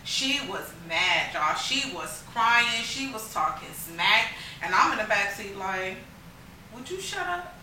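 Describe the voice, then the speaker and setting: A woman's voice: mid-range voice, takes it slowly, hardly any pauses, very noisy. A young woman telling a story in a casual, slangy chat, acting out quotes as she goes. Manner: animated, slangy, acts out quotes. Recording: echoey room, mic at a distance.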